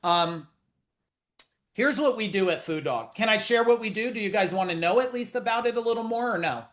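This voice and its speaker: A man's voice: high voice, a little fast. A middle-aged man hosting a live business webinar over a video call, talking casually, bluntly and profanely with lots of jokes. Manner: blunt, profane, animated and joking.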